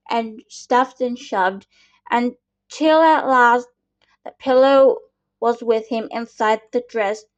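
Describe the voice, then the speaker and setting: A woman reads a children's picture book aloud at an unhurried, patient pace, now and then stumbling and starting a phrase again. Her voice sits a little high, and the recording has a dull, lo-fi sound. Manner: slow, patient reading with small slips and restarts. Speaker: storyteller.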